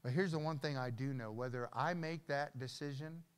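An older man preaching a sermon as pastor in a church, swinging from hushed storytelling to loud declarations. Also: mid-range voice, moderate pace, clean tone. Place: church hall.

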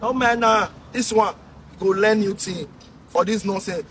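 Nigerian Pidgin man, very high voice, shouting rant, distant mic. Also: moderate pace. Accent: Nigerian Pidgin English. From Edo State, Nigeria. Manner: shouting, sing-song scolding. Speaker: social commentator. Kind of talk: ranting commentary. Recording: distant mic with faint noise.

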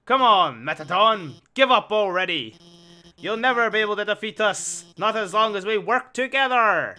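A man's voice: sits high, animated, moderate pace, bright, forceful tone, full character voice. A man doing an eager female scientist.

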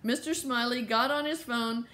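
Casting: woman narrator, higher-pitched, children's audiobook storytelling. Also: normal speed, a bit bright. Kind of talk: scripted narration.

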